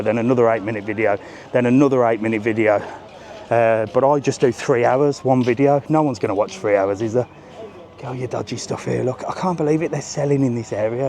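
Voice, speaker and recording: A man with a medium-pitched, darkish voice live-streams as he walks a busy resort seafront outdoors. He keeps it chatty and jokey, swearing casually at times, and faint street and traffic sounds sit in the background.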